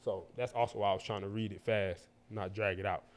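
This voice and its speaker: A man's voice: on the low side, fairly even intonation, fairly quick. A man co-hosting a podcast, bantering loosely and profanely and reading a listener's letter aloud. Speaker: podcast co-host.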